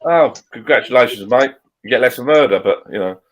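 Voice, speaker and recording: A man's voice: mid-range voice, animated, fairly quick. A man hosting a casual live stream chat, jokey and greeting viewers by name.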